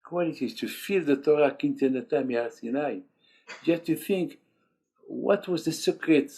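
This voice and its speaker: Husky older rabbi preaching emphatically. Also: male voice, on the high side, moderate pace, mellow. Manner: emphatic, repeats key phrases, sprinkled with Hebrew terms; speaks English as a second language, broken grammar. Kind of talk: sermon.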